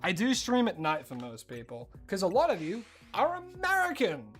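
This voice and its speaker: Australian accent, live-stream chat while gaming, rambling, lively swinging pitch, faint music behind. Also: moderate pace. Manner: chatty and rambling, bursts into excited disbelief.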